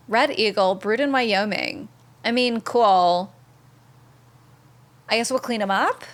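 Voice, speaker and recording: Chatty high-voiced woman game streamer. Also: fairly bright tone. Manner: chatty and upbeat, thanks chat viewers by name. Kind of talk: casual live-stream commentary.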